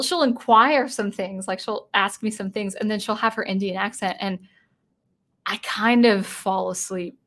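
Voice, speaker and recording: A woman with a mid-range, slightly bright voice hosts a casual live stream. Chatty and rambling, she keeps restarting and correcting herself while reading comments from viewers.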